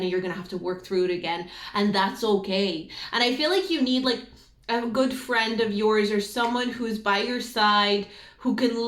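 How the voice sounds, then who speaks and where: A woman giving an intuitive card reading to her viewers, earnest and emotional, rambling with many fillers. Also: a little high. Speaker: tarot reader. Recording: echoey room.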